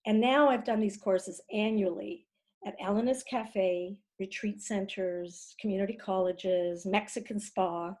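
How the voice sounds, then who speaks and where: A woman's voice: mid-range voice, steady tone, measured pace, a little mellow. Woman running a zoom writing class, chatty, encouraging, kinda rambly, normal mid voice. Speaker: writing teacher. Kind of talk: casual online writing class. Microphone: video call.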